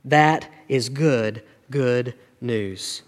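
A man's voice: mid-range voice, drawn-out words, big-room sound. A man, preaching a sermon to his congregation with earnest, rising and falling intensity. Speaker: pastor.

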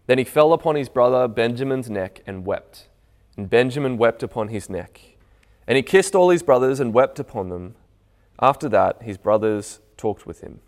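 A man preaching a sermon. He reads scripture aloud and explains it, sometimes quietly and sometimes with raised, emphatic delivery. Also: mid-range voice, animated, normal speed. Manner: swings from hushed reading to raised, emphatic preaching.

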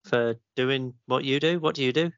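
A man's voice: mid-range voice, moderate pace, no room sound. A man co-hosting a casual podcast, reading thank-yous with cheeky banter. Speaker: podcast co-host. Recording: dry, dull lo-fi remote recording.

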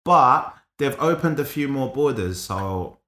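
A man's voice: mid-range voice, expressive, a little slow, a bit bright, echoey room, slight background noise. A man co-hosting a podcast, laid-back and slangy, saying bruv often. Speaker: podcast co-host. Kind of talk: casual live-stream podcast chat.

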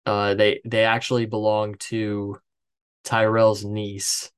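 A man's voice: lowish voice, completely flat delivery, slow pace, smooth. A man hosting a podcast, recapping a film plot from his notes in a casual, chatty way, with swearing and joking asides. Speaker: podcast host. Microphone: headset.

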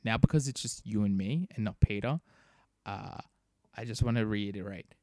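A man's voice: fairly low pitch, normal speed, dark tone, dry recording. Young man, podcast co-host, enthusiastic, dry close recording. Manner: enthusiastic, pleading recommendations. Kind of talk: casual podcast chat.

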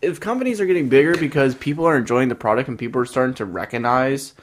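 A man's voice: mid-range voice, quick pace. A man chatting casually as a podcast guest, hesitant and full of fillers. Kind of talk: casual chat.

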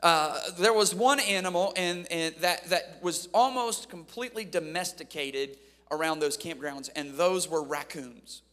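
Upbeat male preacher from Ohio, high-pitched, storytelling sermon with playful crowd asides, long hall reverb. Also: unhurried, a bit bright. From Ohio, USA. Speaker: preacher at a youth camp.

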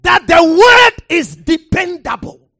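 Passionate preacher mid-sermon: high, swooping pitch, slow measured pace, calls for the crowd to answer back. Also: sing-song, gravelly, no echo, studio quality. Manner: impassioned, shouting for emphasis with sudden drops to quiet; calls for audience response.

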